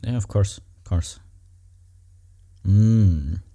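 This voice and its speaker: Casting: reaction vlogger, mellow low voice, candid, rambling, emotional. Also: extremely slow. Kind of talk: casual reaction commentary.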